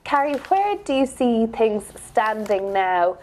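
A woman news anchor reading reports and moderating a panel discussion in a brisk, friendly way. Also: on the high side, sing-song, a little mellow, slight background noise.

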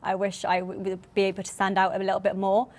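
Young Welsh woman, flat voice. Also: medium pitch, quick pace. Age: young adult. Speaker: interviewee.

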